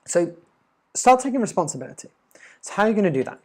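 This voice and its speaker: A man's voice: high voice, sing-song, quick pace. Emphatic man giving life advice. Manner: earnest, emphatic, with stammered restarts. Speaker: life coach. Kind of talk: motivational monologue.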